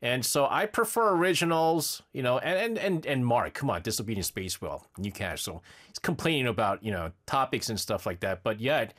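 A man's voice: mid-range voice, animated, fairly quick, fairly bright tone. A male radio host chatting casually on air, rambling, breaking off mid-thought and laughing often, in a radio studio.

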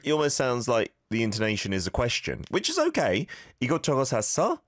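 A man hosting a language lesson show, patiently and encouragingly modelling phrases and gently correcting listeners' pronunciation. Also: medium pitch, wildly swooping pitch, fairly quick. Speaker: host and language teacher. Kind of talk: radio-style language lesson with listener feedback.

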